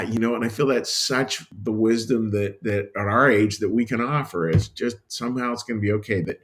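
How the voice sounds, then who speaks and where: A middle-aged man, a pastor hosting a livestream, leads a quiet prayer and chats gently with viewers, often restarting his sentences. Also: lowish voice. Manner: gentle, meditative, rambling with restarts. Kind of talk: livestreamed devotional and chat.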